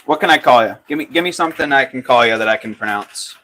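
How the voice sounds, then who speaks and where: A young man who chats casually as he works at the pottery wheel. He jokes, reads out comments and answers his viewers in a relaxed, easygoing way. His voice sits at an ordinary pitch for a man. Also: fast. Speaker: livestreaming potter. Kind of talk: casual livestream chat.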